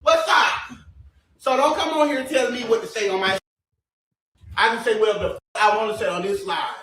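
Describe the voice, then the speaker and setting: A high-pitched man rants heatedly on his livestream. He curses at commenters, shouts at times, and keeps breaking off to apologize. He talks straight into his phone or webcam mic from home. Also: a little fast, slight background noise. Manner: profane, confrontational, repeatedly apologizing.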